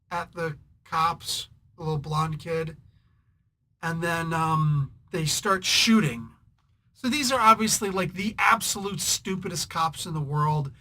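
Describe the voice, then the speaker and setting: Man, comic reviewer, higher voice, sharp tone, rambling, irritated, sarcastic asides. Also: slight background noise. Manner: frequent restarts and throat clearing. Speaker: comic book reviewer and show host. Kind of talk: casual spoken review.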